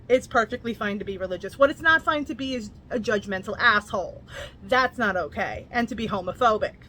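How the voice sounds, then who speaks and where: A woman reviewing books in a casual vlog. She speaks candidly, swears freely, and retells the plot in a lively way, slipping into quoted lines. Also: fairly high pitch, slight background noise. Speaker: book reviewer.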